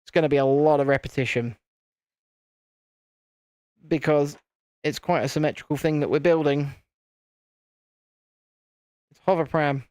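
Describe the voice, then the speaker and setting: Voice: mid-range voice, fairly even intonation, unhurried, long pauses, darkish tone, no room sound, studio quality. A host chatting casually on a live stream while building, rambling and repeating phrases.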